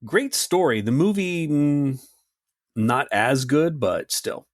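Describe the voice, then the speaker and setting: A man co-hosting a podcast in casual chat, dry and wry, with short reactions that drop low. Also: expressive, takes it slowly, no echo. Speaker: podcast co-host.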